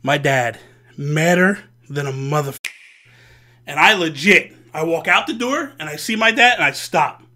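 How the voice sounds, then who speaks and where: A man hosting a vlog, telling a story in a casual, animated and profane way. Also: on the high side, a little slow. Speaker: host.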